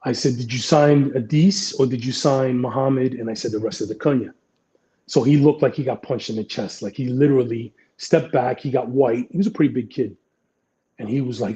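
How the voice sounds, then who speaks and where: A man's voice: mid-range voice, fairly quick, dark tone, highs cut off. A middle-aged man, a retired police detective, telling blunt, profane anecdotes in a casual interview.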